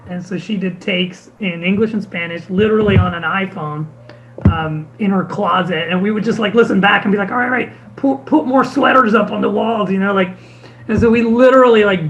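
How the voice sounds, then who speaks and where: A man's voice: high voice, highs cut off, a little hiss or hum. A man, a bandleader, casually telling a story to an audience, acting out the voices of the people he quotes, with many restarts.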